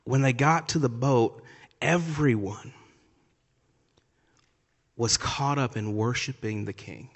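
A male pastor preaching a sermon in a church sanctuary, his voice trailing off into a long hall reverb. He swings between loud, emphatic declarations and soft, hushed asides, with a middle-pitched voice. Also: slow pace, pauses often.

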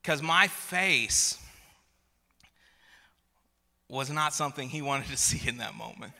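A man's voice: medium pitch, animated, moderate pace, vocal fry, pushed and bright. A man in his thirties preaching a sermon, telling a funny family story with frequent restarts and repeated words. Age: 30s. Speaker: pastor. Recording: long reverb of a large hall.

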